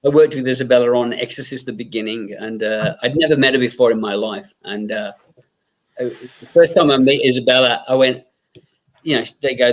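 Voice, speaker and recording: A man's voice: medium pitch, a little fast. A man telling anecdotes in a casual chat, acting out the voices of people in his stories and laughing often. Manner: animated storyteller, acts out quoted voices, laughs often. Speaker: guest filmmaker.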